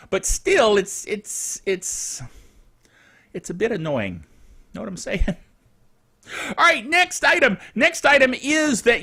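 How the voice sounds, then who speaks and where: High, lively chatty man. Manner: chatty, rambling, chuckling asides. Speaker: tech news host. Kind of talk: casual tech news chat.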